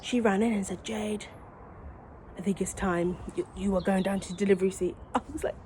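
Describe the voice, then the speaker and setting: A woman's voice: medium pitch, fairly even intonation, brisk, warm tone, slight background noise. A young woman chatting casually to viewers about giving birth, rambling and often correcting herself. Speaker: new mother telling her birth story. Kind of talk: casual storytime vlog.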